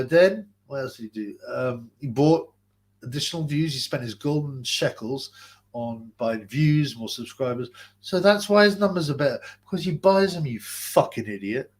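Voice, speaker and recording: A man hosting a live boxing chat stream, ranting in a mocking, abrasive, rambling way. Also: mid-range voice. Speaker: boxing livestream host.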